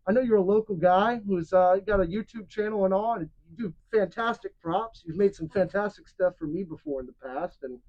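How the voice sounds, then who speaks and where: A man's voice: high-pitched, a little fast, few pauses, dull audio. A man hosting a comedy show in character, brash, jokey and profane with his guest. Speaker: host in costume. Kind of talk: comedic skit and interview hosting.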